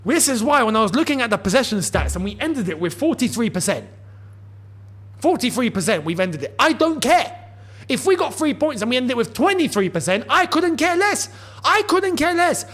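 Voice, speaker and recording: A man, venting after a football match in a high voice that keeps leaping up and down. He repeats his points over and over with exasperated emphasis. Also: sing-song, moderate pace, a bit bright. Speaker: football channel host. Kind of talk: post-match rant to camera.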